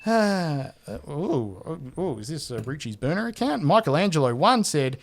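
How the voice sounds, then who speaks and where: A man's voice: a little high, sing-song, normal speed, hardly any pauses. A man, hosting a casual podcast and reading out listener feedback with laughs and the odd swear. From Australia. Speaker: podcast host.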